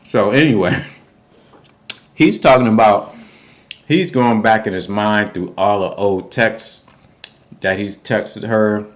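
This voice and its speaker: A man co-hosting a casual reality TV recap, animated and slangy, jumping into a high voice to act out quotes. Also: takes it slowly, long pauses. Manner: informal, slangy. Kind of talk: casual recap chat over a meal.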